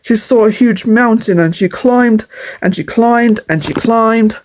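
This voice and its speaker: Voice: medium pitch, a little slow, a little hiss or hum. A reader reading a storybook aloud with earnest, plain phrasing.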